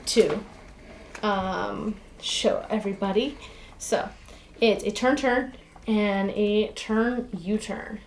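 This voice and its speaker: A woman's voice: medium pitch, steady tone, takes it slowly, slight background noise. Woman explaining her board game turn. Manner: explains rules while counting out moves. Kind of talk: casual tabletop gameplay talk. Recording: roomy echoey room.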